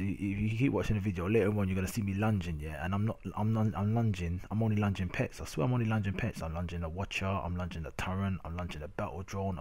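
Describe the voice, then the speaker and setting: Husky, deep-voiced London man ranting. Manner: slangy, animated ranting with repeated 'innit'. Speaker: gamer narrating match footage. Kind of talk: casual rant over gameplay video.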